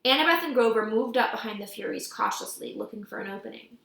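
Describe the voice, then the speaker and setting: A woman reading a novel aloud with lively, expressive storytelling, recorded in an echoey room. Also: a little high, fast talker, gravelly. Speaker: audiobook reader.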